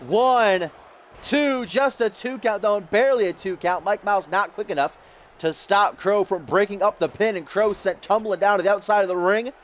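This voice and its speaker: A man doing jokey, excitable play-by-play commentary over a wrestling video game, getting loud at the big moments. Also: high-pitched, moderate pace, slight background noise.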